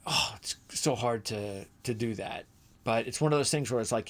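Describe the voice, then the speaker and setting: A middle-aged man, once in radio, hosts a motorsports show in a loose, off-the-cuff way. He rambles, restarts his sentences and drifts into asides. His voice sits at an ordinary pitch for a man. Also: normal speed. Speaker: motorsports channel host, former radio man. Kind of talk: casual rambling commentary to camera.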